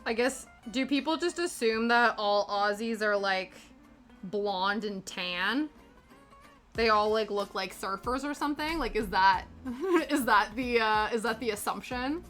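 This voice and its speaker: A chatty woman from Canada talks with her stream viewers, greeting them by name and laughing often. Her voice sits a little high and rings bright and forceful. Soft music plays faintly behind her. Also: animated, a little slow. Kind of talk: casual chat with live chat while cross-stitching.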